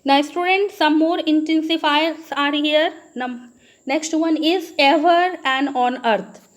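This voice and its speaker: Her voice is high-pitched and she takes it slowly. A school teacher with an Indian English accent, she teaches grammar, regularly turning to the students and answering the questions she raises.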